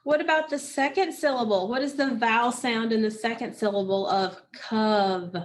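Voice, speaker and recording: A woman teaching a phonics lesson, patiently asking questions and answering them herself. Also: fairly high pitch. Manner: slow, patient, asks and answers own questions.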